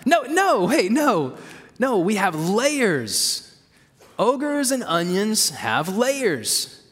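A man's voice: sits high, very animated, very slow, a bit bright, husky, exaggerated voice. A man voicing a grumpy male ogre, correcting someone in an exasperated way, in an echoey church hall.

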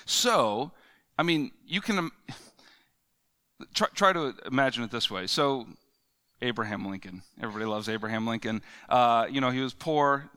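A man's voice: mid-range voice, expressive, moderate pace, sharp tone, clear, resonant tone. A man preaching a conversational sermon, reading scripture and explaining it with casual fillers and restarts. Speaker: pastor.

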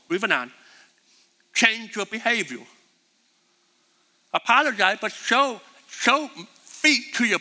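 A man's voice: high-pitched, pushed and bright, big-room sound. A man preaching a sermon as a pastor, emphatic and repeating his key phrases.

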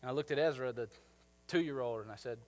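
A man's voice: mid-range voice, fairly quick, a little mellow. A man in his thirties preaching a sermon, talking conversationally and checking in with the congregation. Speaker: pastor. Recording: long hall reverb.

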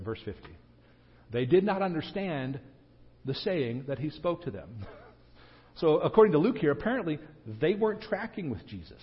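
Male pastor, fairly high voice, chatty sermon delivery with joking asides; dull lo-fi church recording. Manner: conversational, with joking asides and quick restarts. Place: church sanctuary. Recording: dull lo-fi sound with a long hall reverb.

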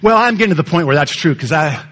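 Husky, lively-voiced male preacher. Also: fairly high pitch, fast. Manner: conversational storytelling preacher, asks the congregation questions. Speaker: pastor. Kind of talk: sermon.

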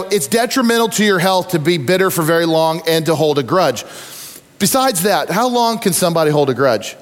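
A man preaching a sermon, telling stories with lively acted-out voices and asides to the congregation. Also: high voice, long reverb tail. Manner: animated storytelling with acted-out voices. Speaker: pastor.

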